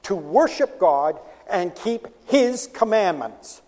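A man preaching a sermon with emphatic delivery, rising to shouts and dropping to a hush. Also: high voice, slow pace. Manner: animated, emphatic, drops to a hush on quiet phrases. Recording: long hall reverb.

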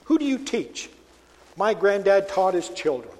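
Male preacher, high voice, emphatic sermon, rhetorical questions, long hall echo. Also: big pitch swings, normal speed, a little mellow.

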